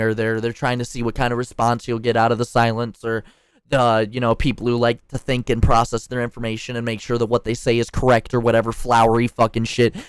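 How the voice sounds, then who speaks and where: A man's voice: medium pitch, clear, resonant tone, no echo. Fired-up, profane young man ranting. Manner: profane, heated, sarcastic. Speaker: store worker venting about management. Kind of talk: angry ranting monologue.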